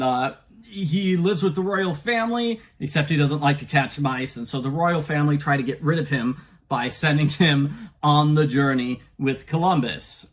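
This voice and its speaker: A man with a somewhat high voice gives a casual spoken book review. He often stumbles and repeats words, with chuckling asides.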